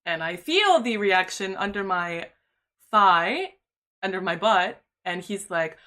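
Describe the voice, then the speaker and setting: A woman streamer shares a personal story in loose, casual chat, constantly sprinkling in "like" and "you know." Her voice is lowish and sharp in tone, at a normal speed.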